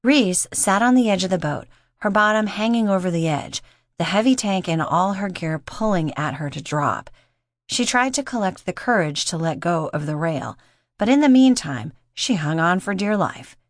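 Woman, audiobook narrator, steady measured reading, lowish voice, dry close sound. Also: dry recording. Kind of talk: scripted narration.

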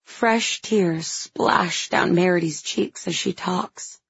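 Female audiobook narrator, first-person fantasy, intimate and unhurried, with a husky, gravelly voice. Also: fairly low pitch, dry recording, lo-fi sound.

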